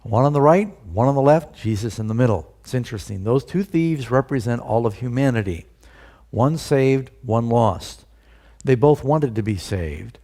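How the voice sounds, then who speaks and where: A man's voice: medium pitch, lively intonation, moderate pace, dark tone. A male pastor preaching a sermon, putting rhetorical questions to his listeners and stressing key words.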